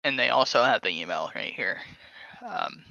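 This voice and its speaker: A man hosting a podcast, talking casually and haltingly while reading text aloud from his screen. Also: mid-range voice, lively intonation, vocal fry, bright, forceful tone, no echo. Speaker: podcast host. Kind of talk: casual screen-share talk. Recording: dull lo-fi sound.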